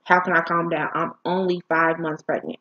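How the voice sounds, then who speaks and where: A woman vlogger telling a painful personal story in an emotional, halting, candid way. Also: lowish voice, little pitch movement, a bit bright, muffled recording.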